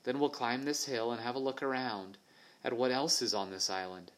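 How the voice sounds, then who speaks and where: A man voicing a bold, resourceful young girl who talks in a brisk, practical, commanding way. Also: mid-range voice, fairly even intonation, lightly acted. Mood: firm.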